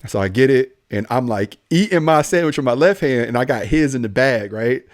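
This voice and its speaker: A man's voice: medium pitch, a little fast, no room sound, clean studio sound. A young adult man hosting a podcast, telling stories casually and animatedly, acting out the voices of other people. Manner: animated storyteller, acts out voices, laughs often.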